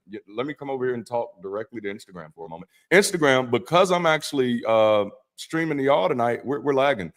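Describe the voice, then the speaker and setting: With a mid-range, fairly bright voice, this former pastor runs his Bible study livestream as an easygoing conversation. He jokes, swears, and drops playful asides, frequently doubling back to repeat words or start a line over.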